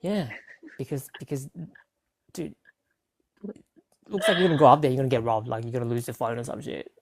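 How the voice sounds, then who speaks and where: Very deep gravelly Australian woman. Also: fairly quick, noisy background. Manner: rambling, swears freely, many fillers. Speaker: podcast guest. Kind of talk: casual storytelling.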